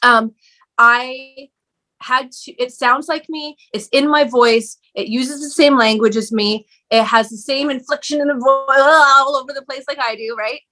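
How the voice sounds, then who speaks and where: A woman guest on a podcast, telling her story candidly in an animated way, swearing casually and laughing often. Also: sits high, measured pace.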